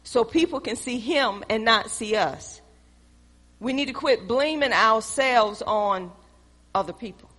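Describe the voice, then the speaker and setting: A woman preacher, giving a folksy, conversational sermon in a church. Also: a little high. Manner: folksy, conversational, dramatic shifts to hushed pleading. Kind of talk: sermon with acted-out skits. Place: church sanctuary. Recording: long hall reverb.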